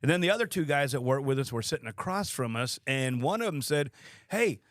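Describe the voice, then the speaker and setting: A man's voice: mid-range voice, lively intonation, quick pace, a bit bright, no echo, studio quality. Profane laughing male storyteller. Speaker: podcast co-host. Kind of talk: casual storytelling.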